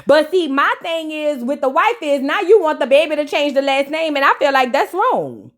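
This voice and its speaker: A woman's voice: high voice, animated, normal speed, few pauses. A woman hosting a reaction show, recapping a TV episode in a sassy, joking way. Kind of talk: casual comedic recap.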